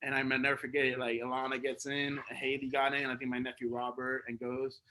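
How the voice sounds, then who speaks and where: A man's voice: mid-range voice, brisk, a little hiss or hum, rough recording. A man speaking at a memorial gathering, telling casual stories full of slang and fillers, laughing often and acting out the dialogue. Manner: animated, laughing storyteller who acts out dialogue. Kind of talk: spoken storytelling speech.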